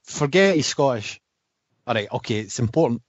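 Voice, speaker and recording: Guy chatting on a podcast, swears a lot, gets excited, slightly muffled dry mic. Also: mid-range voice, moderate pace, no echo. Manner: enthusiastic, swears freely, trails off mid-sentence. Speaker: podcast co-host. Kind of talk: casual chat about boxing.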